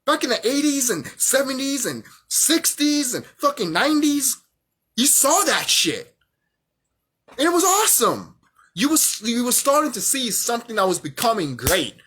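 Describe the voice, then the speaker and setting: A man's voice: very high-pitched, big pitch swings, normal speed, pushed and bright, slightly rough. A young man vlogging a heated, profane rant, often repeating himself. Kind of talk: angry rant monologue.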